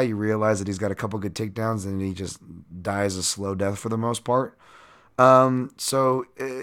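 A man's voice: on the low side, a bit bright. A man hosting a solo podcast, talking casually and rambling with lots of fillers and self-mocking asides. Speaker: podcast host and betting analyst.

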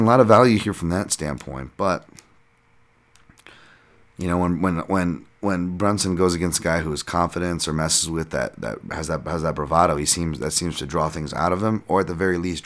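A man with a deep, low voice hosts a casual podcast breakdown. He talks through his picks off the cuff, circling back, restarting phrases and swearing casually as he goes. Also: a bit bright. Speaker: podcast host and fight analyst.

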